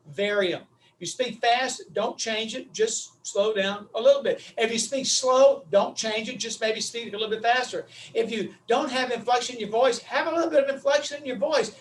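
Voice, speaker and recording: A middle-aged man with a strikingly high voice coaches an online audience in short, punchy, repeated phrases. He sounds a little distant from the microphone, with a faint hum of the room behind him. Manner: emphatic, repetitive punchy delivery. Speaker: guest speaker on public speaking. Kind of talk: animated coaching talk. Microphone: video call.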